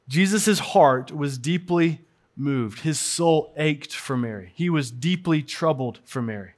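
A pastor preaching an earnest sermon to his church, dropping to hushed lines and then rising to stressed ones. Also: a little high, a little slow.

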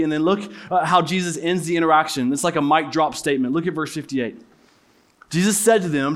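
A man's voice: a little high, a little fast, a bit bright. A young adult man preaching a sermon as pastor, earnest and direct, with playful asides.

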